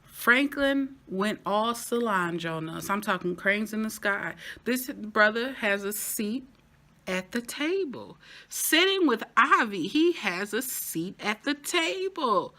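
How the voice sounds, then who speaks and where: Lively, animated woman reviewing TV. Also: slow. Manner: lively and animated, with playful asides and sudden high exclamations. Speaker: TV show reviewer. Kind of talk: casual recap vlog.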